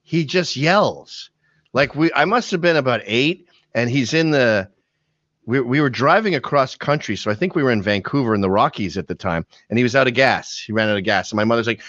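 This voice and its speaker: A man's voice: medium pitch, moderate pace, no room sound. A middle-aged man with a mild Canadian accent, telling anecdotes as a podcast guest. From born in England, raised in Canada. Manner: animated storyteller who shouts out quoted lines. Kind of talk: casual storytelling. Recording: dry, slightly dull podcast mic.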